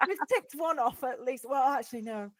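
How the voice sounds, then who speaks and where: A woman's voice: sits high, expressive, a little slow, no room sound, low-quality recording. A woman co-hosting a podcast in casual chat, chatty and self-mocking, laughing often. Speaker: podcast co-host.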